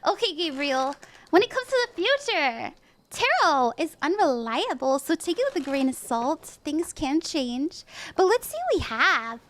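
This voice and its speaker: A young woman reading tarot on a live stream, gentle and reassuring, laughing easily. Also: sits high, very animated, unhurried. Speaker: tarot reader.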